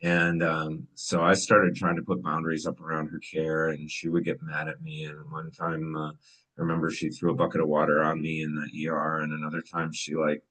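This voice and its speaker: Deep-voiced man telling stories casually. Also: moderate pace, poor audio. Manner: relaxed, conversational, many fillers. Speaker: emergency physician speaking to students. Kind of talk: casual storytelling talk.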